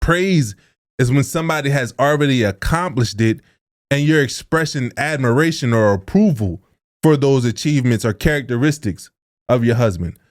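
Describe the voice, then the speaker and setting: A man's voice: medium pitch, lively intonation, normal speed. A young adult man co-hosting a podcast, talking casually and earnestly, with informal, preachy speech. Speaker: podcast co-host.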